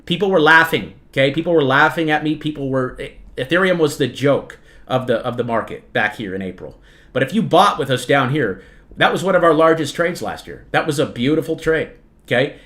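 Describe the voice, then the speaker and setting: Male livestream host, slightly high pitch, emphatic, repetitive, talks to viewers as folks. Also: animated, fairly quick, a bit bright. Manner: emphatic, repetitive, peppers lines with "okay?" and "right?". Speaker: trading channel host. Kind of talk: livestream market commentary.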